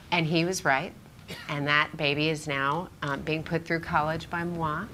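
A woman's voice: low-pitched, slow, a bit bright, slight background noise. A middle-aged woman telling a personal story on a panel, brash and teasing. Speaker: panel speaker.

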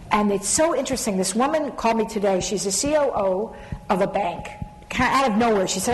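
A woman's voice: medium pitch, normal speed, slight background noise. A middle-aged woman speaking on a stage panel about leadership, telling stories animatedly and laughing often. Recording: long reverb of a large hall.

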